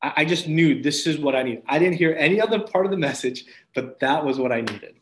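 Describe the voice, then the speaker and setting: A man with a somewhat high voice tells his personal faith testimony as a podcast guest. He speaks earnestly and reflectively, often restarting his sentences and letting out soft laughs. His voice rings with a roomy echo. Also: a little fast.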